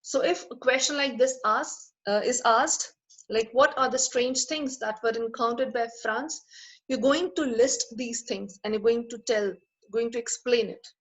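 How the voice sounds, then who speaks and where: A woman's voice: on the high side, unhurried, rough recording. A woman teacher explains a text line by line, repeating and rephrasing each point as she goes.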